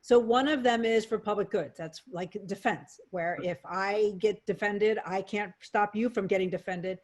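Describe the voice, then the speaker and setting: A woman's voice: mid-range voice, normal speed, darkish tone. Woman economist explaining step by step. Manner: clear, lecturing, builds step-by-step arguments. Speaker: economist guest. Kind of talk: explanatory interview answers.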